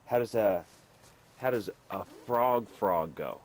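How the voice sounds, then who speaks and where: A man's voice: lowish voice, takes it slowly. A father at home patiently coaxing his toddler through animal sounds, playful and repetitive. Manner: patient, playful, repeats questions.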